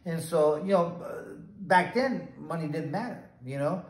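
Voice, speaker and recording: A middle-aged man, a former boxer, tells a rambling anecdote and acts out the dialogue. His voice sits a touch high. The room echoes around him. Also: lively intonation, unhurried. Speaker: former boxer, bail bondsman. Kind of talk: casual storytelling interview.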